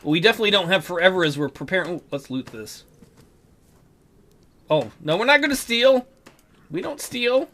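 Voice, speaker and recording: A man's voice: sits high, sing-song, moderate pace, pauses often, bright, forceful tone. A man hosting a casual let's play, commenting on a game in a jokey, upbeat way.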